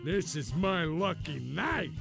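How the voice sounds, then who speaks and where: An actor voicing a short, bullying male pirate thug in a video game, gravelly and sneering. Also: a little high, very animated, takes it slowly, fairly bright tone, faint music behind, exaggerated voice. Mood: gloating.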